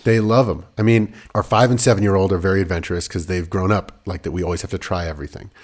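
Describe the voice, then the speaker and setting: A man in his thirties co-hosting a podcast, a father of young kids, talking in animated bursts and swearing now and then. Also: low-pitched, fast. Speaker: podcast co-host. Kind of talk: casual chat.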